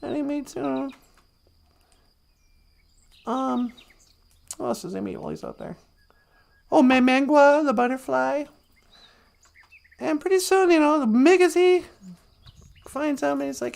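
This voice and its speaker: A woman's voice: high voice, unhurried, creaky, pauses often, darkish tone. A woman telling a humorous folk tale in a loose, chatty live-stream manner, chuckling along. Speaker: storyteller. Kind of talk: casual live-stream storytelling.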